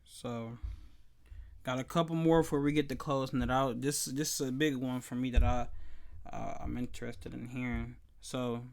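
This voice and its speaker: Soft-spoken interview host. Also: medium pitch, flat delivery, moderate pace, gravelly. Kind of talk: casual interview questions.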